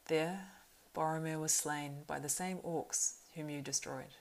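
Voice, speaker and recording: Brief: solemn male ranger leader, as a woman reads him; measured, weary; deep and creaky. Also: fairly even intonation. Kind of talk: audiobook reading.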